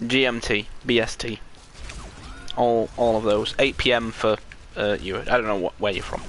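A man's voice: lowish voice, fairly even intonation, moderate pace, fairly bright tone, a little hiss or hum. A young British man chatting casually and joking while streaming a game, laughing often and wandering off on asides. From Britain. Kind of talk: casual live gameplay chat.

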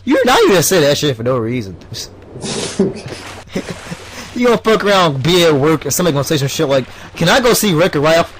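A man's voice: on the high side, big pitch swings, fairly quick, pauses often, slight background noise. A man hosting a gaming video, bantering crudely with a friend and laughing a lot while he plays. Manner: crude teasing, laughs often. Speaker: gaming channel host. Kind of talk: casual let's-play banter.

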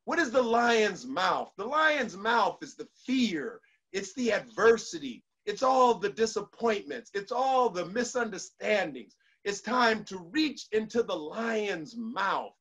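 A man with a fairly high voice delivers a motivational speech. He sounds bright and forceful, and he hammers each point home by repeating it. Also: sing-song, takes it slowly, slightly rough, highs cut off. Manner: emphatic, repetitive affirmations. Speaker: motivational speaker.

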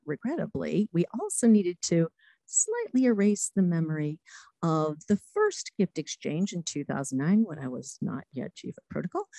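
A middle-aged woman, a former diplomat, giving a talk full of lively anecdotes and acted-out quotes. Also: on the low side, dry recording, low-quality recording. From United States. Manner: lively anecdotes, acts out quotes, laughs often. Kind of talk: storytelling talk.

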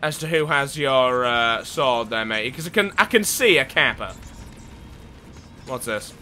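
A man's voice: mid-range voice, lively intonation, measured pace, sharp tone, slight background noise. A young British man from England commentating a video game playthrough, rambling with sardonic, sweary asides. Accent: British English. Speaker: gaming YouTuber. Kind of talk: let's play commentary.

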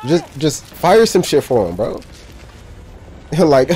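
A man's voice: fairly high pitch, sing-song, drawn-out words, warm tone, husky. A young man casually reacting to a movie, talking in loose slang, cursing and laughing a lot.

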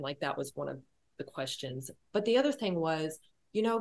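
A woman telling her personal story as a podcast guest, quiet and reflective, hesitating often with fillers and restarts. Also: deep voice, animated, normal speed.

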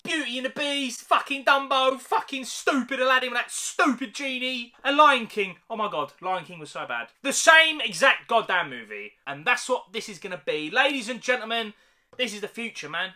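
A man's voice: high voice, pushed and bright. A young man angrily ranting to camera as a YouTube reaction host, swearing and calling the listener "mate". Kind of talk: angry rant to camera.

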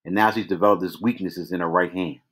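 A man reading aloud voices an older prison warden in his late fifties, who has a cultured Southern manner and speaks slowly and gravely. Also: deep voice, fairly even intonation, fairly bright tone. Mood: weary. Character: older male prison warden, weary and dignified.

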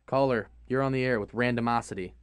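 A man's voice: mid-range voice, fast, clear, resonant tone, no room sound. A man co-hosting a radio show, joking and teasing in casual banter at the studio microphone.

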